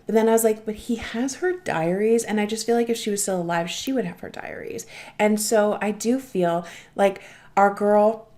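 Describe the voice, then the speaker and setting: A woman's voice: medium pitch, steady tone, normal speed, warm tone. Gushing young woman reacting to a show. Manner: chatty, gushing, swears casually. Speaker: reaction channel host. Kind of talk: casual reaction commentary.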